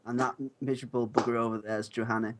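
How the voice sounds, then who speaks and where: A man's voice: mid-range voice, flat delivery, quick pace, very noisy, close to an everyday voice. A man voicing a stubborn, sarcastic male adventurer in a tabletop game.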